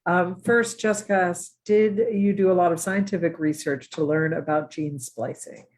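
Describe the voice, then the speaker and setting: Low-voiced woman reading out audience questions. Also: moderate pace, darkish tone, low-quality recording. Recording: faint background noise and clicks.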